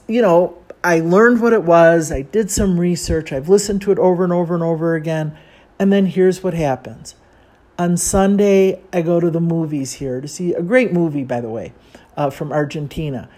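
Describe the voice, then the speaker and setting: A woman's voice: low voice, mellow. A woman from Chicago talking casually and chattily, wandering off on side notes and poking fun at herself. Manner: chatty, digressive, self-deprecating. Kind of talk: casual monologue.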